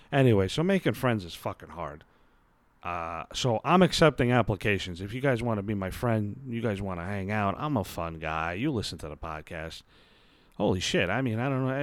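A man's voice: mid-range voice, no room sound. 30s guy podcasting from his bed, cussing a lot, rambly and self-deprecating, dry sound. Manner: profane, rambling, self-mocking. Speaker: podcast host. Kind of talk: casual storytelling monologue. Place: lying on his bed at home.

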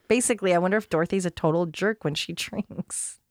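A woman's voice: lowish voice, quick pace, no echo, clean studio sound. A woman hosting a podcast, reading wry scripted commentary and chatting casually with lots of laughter. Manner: wry, conversational, laughs often. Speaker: podcast host.

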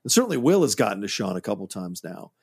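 A man's voice: on the low side, sing-song, quick pace, vocal fry, slightly rough, no room sound, clean studio sound. A man co-hosting a film podcast, giving opinionated, emphatic critique in casual chat. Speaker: podcast co-host.

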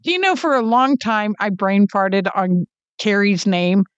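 Woman, podcast co-host, smooth voice, slightly dull recording, blunt jokes. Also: medium pitch, expressive, a little slow, no room sound. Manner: blunt, joking, swears freely. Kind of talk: casual chat.

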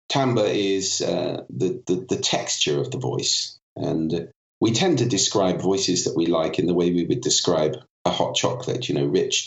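A man's voice: low voice, creaky, reverberant, muffled recording. A man with a cold, a voice and communication expert, explaining articulately as a podcast guest and demonstrating vocal effects as he goes. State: has a cold. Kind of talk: explanatory interview talk.

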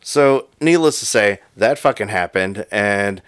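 A man co-hosting a podcast, telling a story in casual, profane, animated chat. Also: fairly low pitch, measured pace, clear, resonant tone, no echo, studio quality. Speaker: podcast co-host.

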